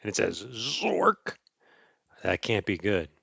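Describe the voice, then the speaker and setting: A man casually reading a picture book aloud to a child, playful and animated, adding sound effects and chuckles. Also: lowish voice, a little slow, dry recording, muffled recording. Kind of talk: casual storybook read-aloud.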